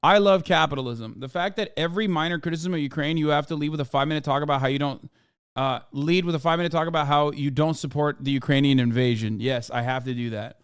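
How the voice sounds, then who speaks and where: A man's voice: fairly high pitch, quick pace, smooth. A man, giving profane, sarcastic live-stream commentary while reacting to a video. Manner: profane, sarcastic, swings loud when mocking.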